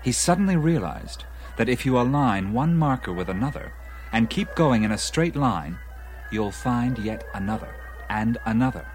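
In a low-quality film recording with faint music behind him, a man with a medium-pitched, animated voice plays an eager dinner guest. At a moderate pace and in a lightly acted way, he lectures at length about ancient mysteries, often talking between bites of food.

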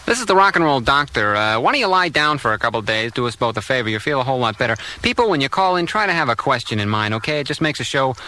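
Man doing a deadpan radio 'doctor' host, rapid-fire, bright, glib, comedy radio sketch. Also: medium pitch. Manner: brisk, deadpan, glib one-liners.

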